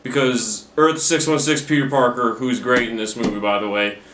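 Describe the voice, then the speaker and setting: A man's voice: mid-range voice, fairly even intonation, normal speed, a bit bright, slight background noise. A young man rambles through a movie recap, swearing freely and poking fun at himself. He talks in an ordinary mid-range voice straight into a camera mic. The room around him rings with noticeable echo. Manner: rambling, profane, self-mocking. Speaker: movie reviewer. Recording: roomy camera-mic recording.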